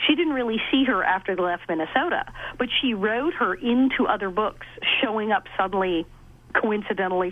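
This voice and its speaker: A middle-aged woman, an actress and comedian, telling stories in an interview, animated and laughing as she acts out quoted lines. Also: a little high. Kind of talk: casual interview storytelling. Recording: dull lo-fi audio.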